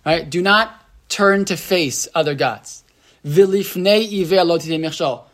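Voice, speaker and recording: A male rabbi leads a relaxed Torah class, talking the way people talk in a room. He keeps asking his listeners "right?" and restarts his sentences. He drops Hebrew terms into his English. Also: a little high, a little slow. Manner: chatty, asks the room "right?", lots of restarts and "like".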